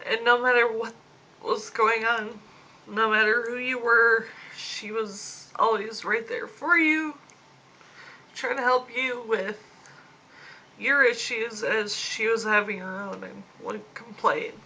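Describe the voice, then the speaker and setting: A woman in her late twenties speaking a personal video diary into a phone, grieving, slow and halting, fighting back tears. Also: fairly high pitch, fairly even intonation, pushed and bright, low-quality recording. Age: 20s. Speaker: vlogger. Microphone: phone camera.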